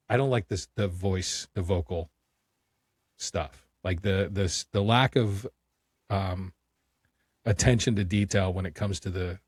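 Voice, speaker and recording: A man's voice: on the low side, no echo, studio quality. A man co-hosting a movie podcast, talking casually in an opinionated, joking, ranting way. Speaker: podcast co-host.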